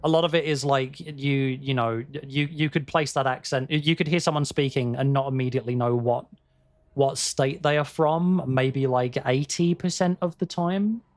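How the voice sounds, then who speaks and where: A man's voice: medium pitch, fairly even intonation, moderate pace. A man hosting a game livestream, chatting casually with viewers in a rambling way, with restarts and the odd swear word. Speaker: livestream host playing a game. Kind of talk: casual chat with viewers while gaming.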